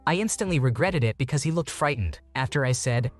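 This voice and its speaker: Man, story narrator, even steady reading, soft music underneath. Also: medium pitch, quick pace, hardly any pauses. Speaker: narrator reading online posts. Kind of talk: reading stories aloud with brief comments.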